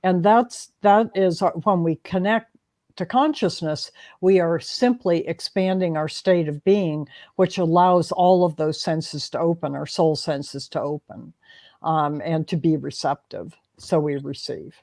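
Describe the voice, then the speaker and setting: A woman working as a hypnotherapist, explaining in a calm, soothing way with many restarts during a panel discussion. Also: on the low side, a little slow.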